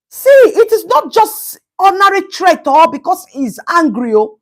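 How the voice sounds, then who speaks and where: A woman talks through a live stream in a high voice. Her pitch swings widely as she comments, and she breaks off to greet viewers by name. She slips into Pidgin asides. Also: big pitch swings, moderate pace.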